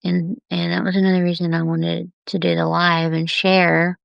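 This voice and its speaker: A woman talking openly and tenderly on a live video about heavy times, unhurried and confiding. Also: lowish voice, little pitch movement, gravelly, no echo, dull audio. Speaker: artist sharing on a live video. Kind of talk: candid personal live stream.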